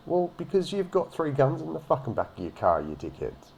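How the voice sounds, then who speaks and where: A man's voice: a little high, huge pitch swings, moderate pace, gravelly, few pauses, darkish tone, a little hiss or hum. A man giving a profane, mocking rant as he comments on a video. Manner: ranting and mocking, heavy swearing. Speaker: reaction commentator.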